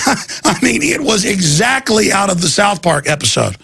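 Rambling, excitable radio host, middle-aged man, bright and forceful, gravelly tone. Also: high voice, moderate pace, no room sound. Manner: excitable, rambling, acts out quotes. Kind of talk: ranting talk radio monologue.

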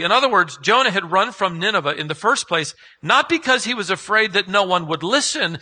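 A man's voice: high-pitched, animated, a little fast, hardly any pauses, sharp tone, slightly rough, poor audio. A man preaching a sermon as a pastor, emphatic and putting rhetorical questions to his listeners.

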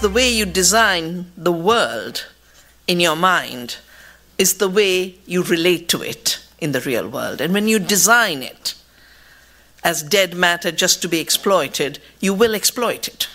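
A woman speaking in a measured, deliberate, emphatic way, giving a reflective talk about her scientific views. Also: lowish voice, lively intonation, pushed and bright, soft background music.

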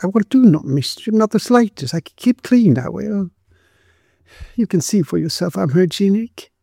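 A man reading a story, voicing a poor, timid young woman who stammers and pleads in a shrill, lisping voice. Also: normal speed, vocal fry, warm tone, no room sound, studio quality. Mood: pleading.

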